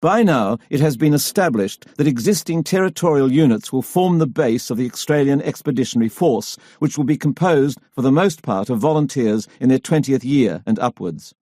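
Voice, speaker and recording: A man narrating a history audiobook in a measured storytelling delivery. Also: medium pitch, animated, dark tone, no echo, studio quality. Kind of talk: scripted narration.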